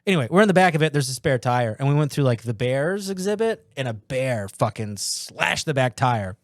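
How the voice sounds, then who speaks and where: Animated, lively-voiced podcast guy. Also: mid-range voice, brisk, dry recording, studio quality. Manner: animated, laughing, swearing. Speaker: podcast co-host. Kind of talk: casual chat.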